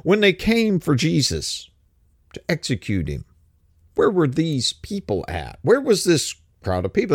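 Animated male preacher, dry close sound. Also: on the high side, no room sound. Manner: animated, rising emphasis, rhetorical questions. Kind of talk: sermon.

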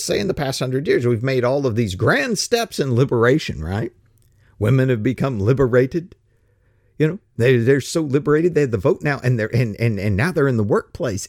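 Man, casual sermon delivery, rambling and sarcastic, very lively intonation. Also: mid-range voice, creaky, no echo, studio quality. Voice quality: rambling, stumbling restarts, sarcastic. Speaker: preacher.

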